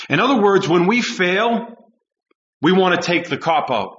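A man preaching a sermon with passion, swinging from loud urgent lines down to low, intense tones. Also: animated, a little slow, highs cut off. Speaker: pastor.

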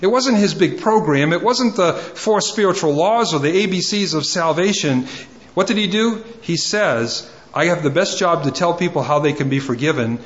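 A man preaching a sermon in a fairly high voice, earnest and pleading as he hammers home his points through repetition. The recording sounds dull and lo-fi, with the top end muffled. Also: moderate pace. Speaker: pastor.

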